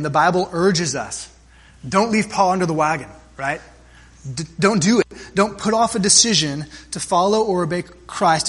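A pastor preaching with earnest urgency, his voice high for a man and a little husky. He presses his point steadily from the pulpit. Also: fairly bright tone. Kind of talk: sermon.

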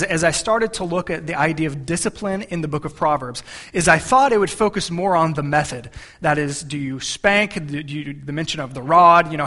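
A man's voice: fairly high pitch, pushed and bright. A man in his thirties, a pastor delivering a sermon in an earnest, conversational way with frequent restarts.

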